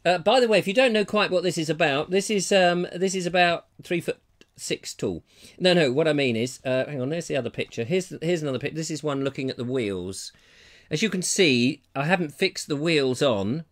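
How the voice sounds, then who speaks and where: An English man hosting a live comedy talk show from home, chatty and jokey, often addressing viewers as ladies and gentlemen. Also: on the high side, animated, fairly quick. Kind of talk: casual live-stream chat. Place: terraced house.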